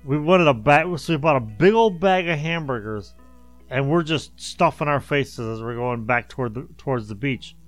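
A man's voice: mid-range voice, normal speed, no echo, soft background music. Laughing man telling a story. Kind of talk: casual chat.

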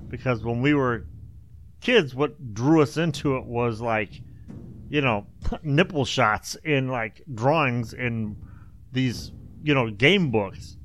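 A man hosting a casual chat, telling crude, animated jokes. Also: mid-range voice, takes it slowly, slight background noise.

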